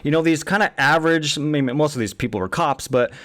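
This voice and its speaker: A man's voice: on the high side, quick pace, a bit bright. A man in his thirties giving a casual spoken movie review, blunt and exasperated, swearing often and asking rhetorical questions.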